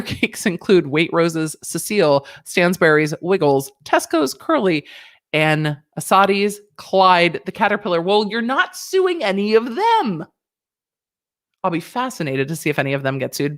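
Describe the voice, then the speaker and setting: Sassy woman hosting a legal chat. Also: fairly low pitch. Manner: sassy, chatty, joking asides. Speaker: legal commentary host. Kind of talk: casual livestream talk.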